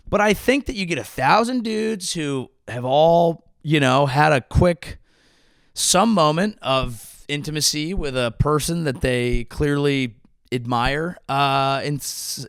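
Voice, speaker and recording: Sarcastic, rambling comedian, slightly high voice. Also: male voice, fairly bright tone, dry recording, studio quality. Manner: sarcastic, rambling, with frequent restarts. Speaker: comedian podcast host. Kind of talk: comedic monologue.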